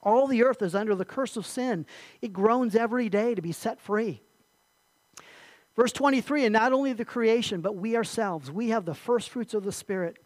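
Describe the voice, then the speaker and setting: A man preaching an earnest sermon as pastor, repeating key phrases and sometimes clearing his throat. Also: sits high, normal speed, no room sound, low-quality recording.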